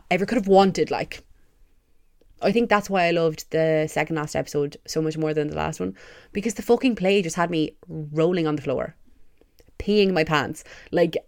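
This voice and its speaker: A young woman hosting a podcast, gushing excitedly and swearing a lot in a casual fan review. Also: sits low, no room sound, studio quality. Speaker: podcast host.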